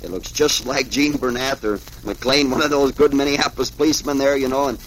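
A man's voice: mid-range voice, steady tone, fairly quick, fairly bright tone, slight background noise, poor audio. Folksy man reading comics aloud. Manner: chatty, folksy, exclaiming. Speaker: host reading comics to a child. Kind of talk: folksy read-aloud storytelling.

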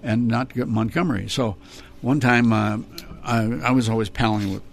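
Gravelly older man telling old TV stories. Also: medium pitch, normal speed, a little hiss or hum. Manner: animated storyteller, slips into character voices and laughs often. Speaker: interview guest, former children's TV performer. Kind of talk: reminiscing interview.

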